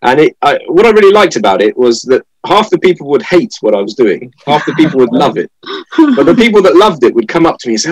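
A man's voice: on the high side, fast talker, no echo, low-quality recording. A British man in his thirties, a guest telling anecdotes in casual chat. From Britain. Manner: lively anecdotal storytelling. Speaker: guest, fencer.

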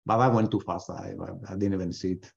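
This man speaks in a deep, darkish voice, steady and brisk, with vocal fry. He's running a live trading webinar, narrating his thoughts mid-trade, frequently starting sentences over and slipping in jokes. The webinar sound quality is dull and lo-fi.

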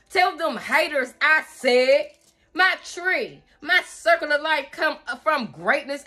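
A woman's voice: sits high, expressive, takes it slowly, bright, forceful tone, faint music behind. A woman giving a tarot reading in a sassy, emphatic way, stretching her stresses and calling the listener pet names. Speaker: tarot reader. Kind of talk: tarot reading channeling messages.

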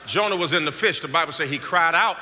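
A pastor preaching a sermon, swinging from shouts and half-sung lines to quiet, low stretches. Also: male voice, quick pace. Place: church sanctuary. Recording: large echoing church hall with crowd noise.

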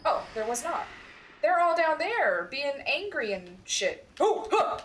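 A young woman streaming a horror game, reacting loudly with lots of swearing and jumpy outbursts. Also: high-pitched, very animated, unhurried, a little hiss or hum. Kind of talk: live game commentary.

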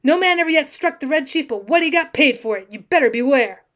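A woman's voice: sits high, expressive, fast, fairly bright tone. A woman voicing a bossy, mischievous young boy in a storybook reading, cocky and sullen. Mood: threatening.

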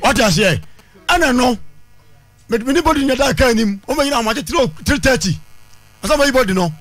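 A man's voice: very high-pitched, animated, quick pace, a bit bright, no room sound. A man defending himself in a talk-show argument. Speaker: disputant. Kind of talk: heated dispute on a talk show.

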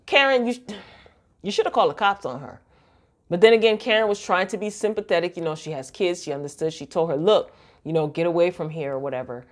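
A young woman giving a casual, animated recap of a TV episode, laughing and exclaiming as she goes. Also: on the low side, fast talker. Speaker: recap vlogger.

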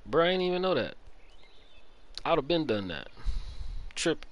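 A man's voice: on the high side, big pitch swings, moderate pace. A young man chatting casually while streaming a game, with loose slangy banter, greeting his chat and laughing often into a headset mic. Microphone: gaming headset.

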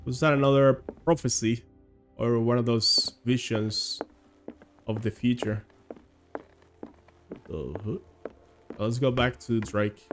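A male streamer talking his way through a game live, with a mid-pitched voice. He is casual, laughs often and swears now and then. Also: slow, long pauses, soft background music. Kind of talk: live gameplay commentary.

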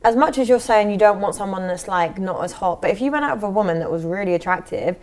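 A woman's voice: mid-range voice, quick pace, darkish tone. A woman from Essex with an Essex accent, questioning her date pointedly and skeptically on a dating show. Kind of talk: sharp conversational questioning.

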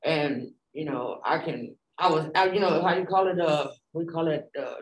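A woman giving an animated personal testimony in a group, acting out the dialogue with many fillers. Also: low voice, moderate pace. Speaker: Bible study participant. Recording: echoey room.

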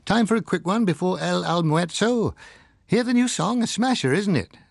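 A man's voice: mid-range voice, expressive, normal speed, dry recording, studio quality. A man reading the part of a cheerful, eccentric male scientist with a bouncy, sing-song delivery. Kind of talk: audiobook character reading.

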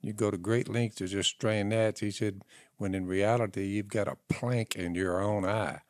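An older man, speaking slowly in a casual podcast chat as he preaches and quotes scripture. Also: lowish voice, fairly even intonation, no echo, clean studio sound. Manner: slow, preachy, quoting scripture. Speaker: podcast host.

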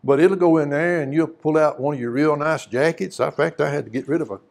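A man's voice: a little high, fairly quick, vocal fry, darkish tone. A man preaching a sermon, mixing scripture reading with folksy, conversational questions to the congregation. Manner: reads scripture aloud in old-fashioned wording.

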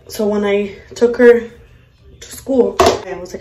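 A woman's voice: mid-range voice, fairly even intonation, slow, heavy background noise. A young woman, a mother, telling a story in a casual vlog while doing her makeup, blunt, profane and exasperated. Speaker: vlogger, mother. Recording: echoey room.

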